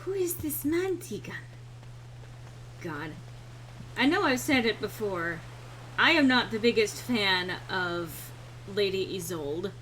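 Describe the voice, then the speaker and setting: A woman's voice: mid-range voice, lively intonation, slow, long pauses, fairly bright tone. Woman streamer, chatty gameplay commentary, blunt and casual, light background hum. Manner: chatty, reacts and reads chat aloud, frank and swearing.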